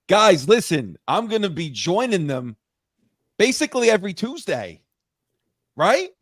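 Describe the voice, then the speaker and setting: Hyped man with lively high voice. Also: a little slow, long pauses, no room sound, clean studio sound. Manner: energetic, hyped. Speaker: co-host. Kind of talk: casual sports talk show.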